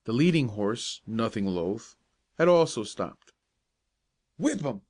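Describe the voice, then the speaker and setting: A man narrating a bedtime audiobook in a calm, measured storytelling voice. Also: lowish voice.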